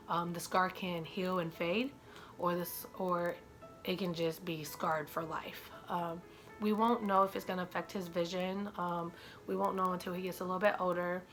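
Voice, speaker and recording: A young woman with a slightly low voice talks straight to her viewers, halting and fighting back tears. Her speech is full of ums and likes, broken off and restarted. Faint music plays quietly under her voice. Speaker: mother vlogger. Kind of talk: emotional personal vlog to viewers.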